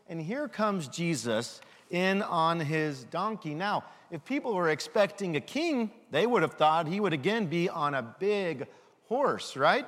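A man giving a children's sermon, lively and full of questions for the kids. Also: sits high, big-room sound. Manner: animated, asks children questions.

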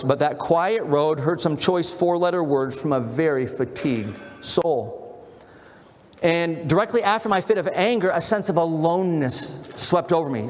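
A man preaching as a pastor, telling a story in an earnest, animated way. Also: on the high side, big-room sound. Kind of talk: sermon.

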